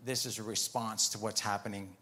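A man's voice: on the low side, level tone, brisk, bright, forceful tone. A man preaching a sermon, telling a story and retelling conversations as he goes, then turning firm and emphatic on commands.

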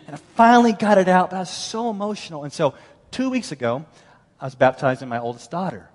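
Middle-aged man, pastor delivering a lively, storytelling sermon, slightly high voice, long hall reverb. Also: fast talker. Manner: animated, storytelling, acts out quoted voices. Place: large church hall.

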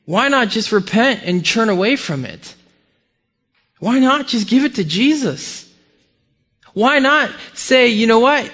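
A man preaching a sermon with emphatic delivery, swinging from loud peaks down to quiet, low passages. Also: lively intonation, slow, long pauses. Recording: long hall reverb.

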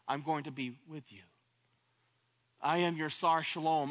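Slow, bright-voiced male preacher. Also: fairly high pitch. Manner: repetitive, rising to impassioned cries at peaks. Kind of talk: sermon.

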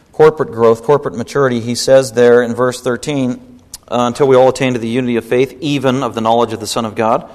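Male pastor, mid-pitched, emphatic sermon delivery, long hall reverb. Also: a little mellow. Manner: emphatic preaching, rising pitch when stirred.

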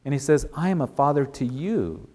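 A male pastor preaching a sermon in a mid-pitched voice. He tells the story vividly and hammers his points with repeated phrases. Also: very animated, normal speed, a little mellow, husky.

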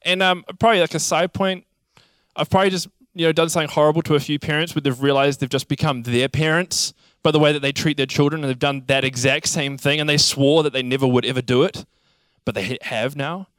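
Young aussie guy preaching, acts out kid stories, smooth clear voice, dry close sound. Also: on the high side, fast talker, no echo. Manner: animated storytelling, acts out childhood scenes. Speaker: pastor. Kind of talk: sermon.

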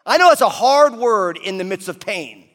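A middle-aged male pastor giving a sermon, telling a story with quick asides to the congregation. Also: high voice, expressive, a bit bright. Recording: long hall reverb.

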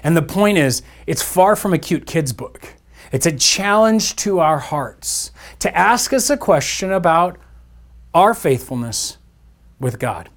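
A man's voice: a little high, very animated, unhurried. A man preaching a sermon as pastor, in a conversational style with playful asides to his listeners. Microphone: church podcast mic.

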